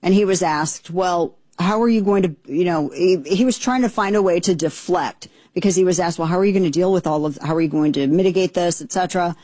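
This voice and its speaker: Indignant woman host, lowish voice, dry close sound, exasperated rambling commentary. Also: brisk, few pauses, warm tone, no room sound. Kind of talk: opinionated commentary.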